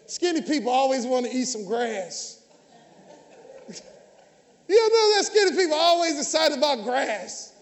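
High-voiced preaching man in his fifties. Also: sing-song, a little slow, pauses often. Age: 50s. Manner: preaching, often shouting, calling out to the audience. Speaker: pastor. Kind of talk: lively sermon with jokes to the congregation. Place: large church hall. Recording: church hall with long reverb.

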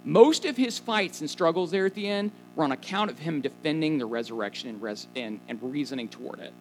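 A male pastor delivering a sermon with lots of rhetorical questions and chatty asides. His pitch sits a little high and swings widely as he teaches. Soft music plays faintly behind him. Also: a little fast, poor audio. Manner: animated, conversational preaching with asides and questions to listeners.

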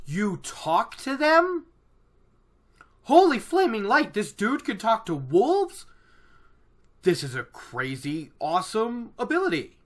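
A man's voice: a little high, huge pitch swings, normal speed, hardly any pauses, a bit bright. A man voicing an awestruck young villager who blurts out eager exclamations. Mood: amazed. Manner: eager, wide-eyed exclamations.

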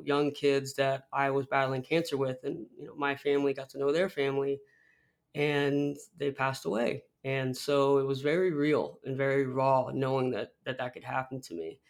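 A man's voice: mid-range voice, darkish tone. A young man, a podcast guest, telling a personal story in a rambling way with many restarts. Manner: rambling, many restarts, acts out film quotes.

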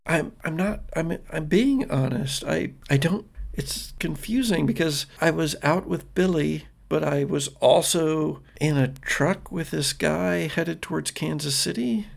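A man with a gravelly voice voicing a confused, teary young woman who stammers and trails off. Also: fairly high pitch, a little slow, few pauses, heavily acted.

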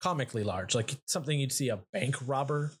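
A man's voice: mid-range voice, quick pace, slightly rough. A man narrating a tabletop game as dungeon master, with many fillers and frequent laughs.

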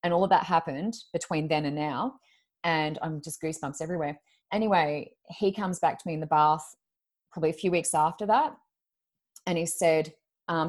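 A woman with a notably low voice, telling a story as a podcast guest. She rambles casually and packs her talk with fillers. Her tone is easygoing and conversational. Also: moderate pace. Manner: chatty, rambling, full of "like" and "um". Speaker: guest medium.

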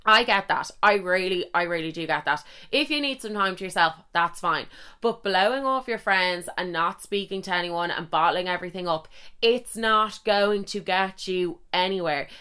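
A young woman hosts a solo podcast, chatting frankly and casually with lots of swearing and lively acted-out asides. Her voice is smooth and on the low side, at a normal speed.

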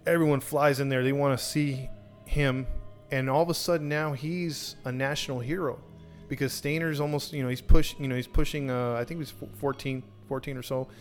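A man's voice: mid-range voice, fairly even intonation, a little fast, hardly any pauses, soft background music. A man hosting a podcast, casually telling a true crime story with many restarts and acted-out quotes.

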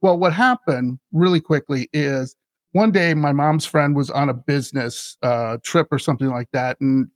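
A man's voice: a little high, normal speed, no room sound, clean studio sound. A man hosting a podcast, telling a story in an eager, rambling way with many restarts. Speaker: podcast host. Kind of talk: casual chat.

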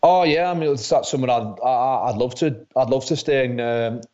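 A man's voice: mid-range voice, moderate pace, a little mellow. Chatty man with dull lo-fi sound. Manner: chatty, repeats words as he restarts. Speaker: guest rugby league player. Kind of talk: casual interview chat. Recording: dull lo-fi audio.

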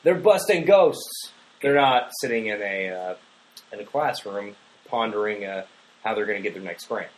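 A man's voice: lowish voice, steady tone, normal speed, a bit bright, low-quality recording. A man casually discussing a film on a podcast, rambling with fillers and restarts. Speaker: podcast co-host.

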